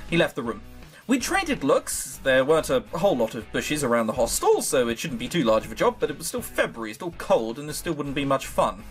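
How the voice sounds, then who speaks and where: Animated man joking through a game. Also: medium pitch, a little fast, soft background music. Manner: sarcastic, swears casually, jokes to himself. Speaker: let's play host. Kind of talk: reading a visual novel aloud with joking commentary.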